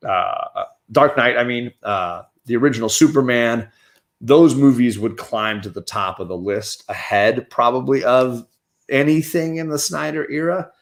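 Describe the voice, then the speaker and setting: A man's voice: mid-range voice, measured pace. Chatty man reviewing movies casually. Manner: chatty, opinionated, restarts sentences often. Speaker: comic and movie reviewer, show host.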